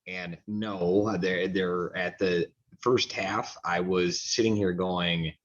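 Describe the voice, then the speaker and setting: A man's voice: low-pitched, fairly even intonation, takes it slowly, highs cut off. A man co-hosting a soccer talk show, giving frank, opinionated takes in a rambling casual way. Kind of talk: casual sports chat.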